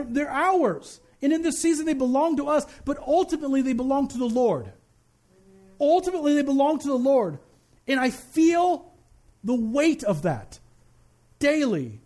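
A male pastor preaching a sermon with fervent, emphatic delivery. His voice is unusually high for a man, and he leans on dramatic slowdowns to drive his points home. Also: darkish tone.

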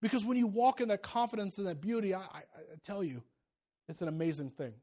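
Here a male preacher with a high-pitched voice talks a little fast, alternating between booming, mounting exhortation and soft, intimate remarks as he tells a personal story within his sermon.

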